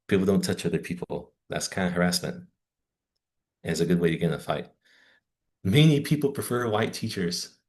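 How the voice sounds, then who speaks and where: A man with an American Southern accent, giving a casual lecture over slides as a teacher trainer, chatty with wry asides. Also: deep voice. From Southern United States.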